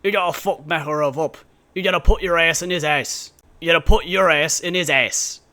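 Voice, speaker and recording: A man playing a gruff military captain barking orders, in a botched British accent. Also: a little high, brisk, sharp tone. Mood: commanding.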